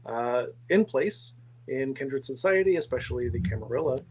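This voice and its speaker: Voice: mid-range voice, lively intonation, moderate pace, darkish tone, breathy edge, poor audio. A game master with a male-range voice, running a tabletop game, laughing often and explaining rules with many fillers.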